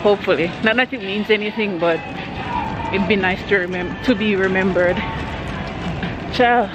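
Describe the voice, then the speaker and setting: A woman's voice: mid-range voice, normal speed, music in the background. A young adult woman chatting casually in a vlog, playful and slangy, laughing often while out shopping. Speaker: vlogger. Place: clothing shops and city streets.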